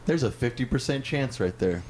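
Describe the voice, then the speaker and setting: A man's voice: medium pitch, lively intonation, brisk, a little mellow, slight background noise, low-quality recording. A man co-hosting a comedy podcast, riffing playfully and stumbling through tongue twisters. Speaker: podcast co-host. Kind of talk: casual comedy banter.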